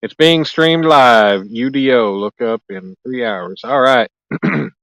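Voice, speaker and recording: A man's voice: mid-range voice, takes it slowly, fairly bright tone, no room sound, poor audio. A man hosting a casual live stream outdoors by a lake at night, chatting easily and joking as he reads and answers viewer comments aloud. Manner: joking, easygoing. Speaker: livestream host.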